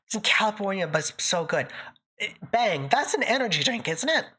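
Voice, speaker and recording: Woman streamer from Canada, bright lively delivery, self-mocking, laughs a lot. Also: mid-range voice, brisk, slightly rough. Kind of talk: casual live-stream chat.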